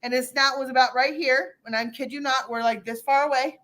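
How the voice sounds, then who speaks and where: A middle-aged woman hosting a casual chat, telling an animated story with many restarts and fillers. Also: sits high, fairly quick. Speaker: host.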